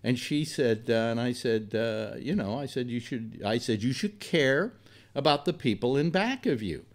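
Older male talk host, blunt and profane rambling storyteller, lively animated delivery. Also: medium pitch, moderate pace. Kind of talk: rambling personal anecdote.

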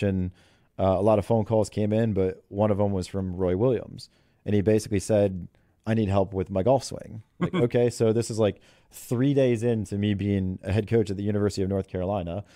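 A man's voice: lowish voice, dark tone, dry recording, studio quality. A man who is a head golf coach, telling stories in an interview in a chatty way and laughing often. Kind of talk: interview storytelling.

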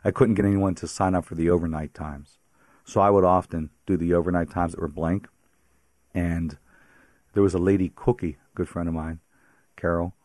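A priest from the Pittsburgh area tells his faith story as a radio interview guest, in a very deep voice. He talks like a chatty storyteller and breaks into laughter often. The sound is dry and close, with no room behind it. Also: fairly even intonation, normal speed, darkish tone, no echo.

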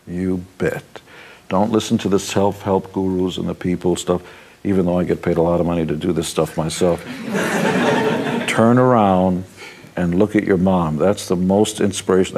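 A man's voice: deep voice, darkish tone, a little hiss or hum. A man giving motivational success advice in a blunt, wisecracking, emphatic way. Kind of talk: motivational talk.

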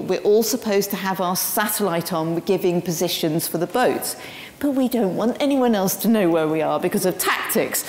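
A woman speaks as a guest lecturer and tells her story with lively energy and many ums. Her voice carries through a large room with a long, ringing echo. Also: medium pitch. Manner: animated storytelling with frequent ums. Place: lecture hall. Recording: roomy hall with long reverb.

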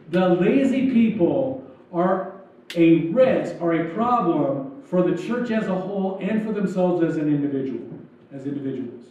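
Male pastor, high mellow tone, chatty joking sermon, distant dull recording. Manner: conversational, jokey preaching with acted-out asides. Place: church sanctuary. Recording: echoey church hall, distant dull mic.

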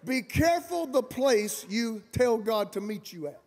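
A man preaching a fiery sermon as guest pastor, shouting and colloquial. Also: extremely high pitch, very animated, unhurried, slight background noise. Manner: shouting, colloquial, Southern-style preaching with rising emphasis. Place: large camp meeting venue.

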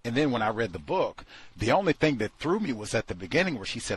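A man's voice: mid-range voice, very animated, quick pace, slightly rough. A man hosting a talk show, giving a blunt, dismissive critique and repeating his points. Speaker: radio show host. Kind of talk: casual critical commentary.

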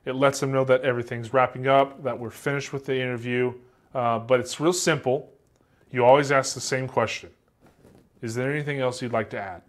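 A man's voice: medium pitch, steady tone, brisk. A man teaching a class in a casual, joking way, acting out example answers with a light Southern American accent. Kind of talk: classroom lecture.

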